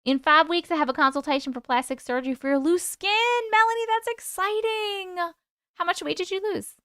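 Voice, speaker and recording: A woman's voice: sits high, quick pace, sharp tone, no echo, clean studio sound. A woman hosting a casual live stream, chatting and reading viewer comments aloud. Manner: chatty, reads out viewer comments and thanks gifts. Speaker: host reading chat on a livestream.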